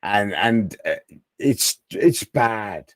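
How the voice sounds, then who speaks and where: A man's voice: lowish voice, animated, extremely slow, no echo, studio quality. A man co-hosting a wrestling podcast, chatting casually with a joking manner. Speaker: podcast co-host. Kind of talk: casual chat.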